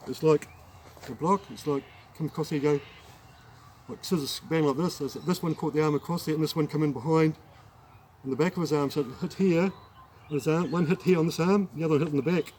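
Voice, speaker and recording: A middle-aged Australian man telling a rambling anecdote as a martial arts instructor, halting and restarting as he demonstrates the moves. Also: fairly high pitch, a little mellow, a little hiss or hum, poor audio. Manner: rambling, halting storyteller who demonstrates moves while talking. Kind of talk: casual spoken anecdote with demonstration.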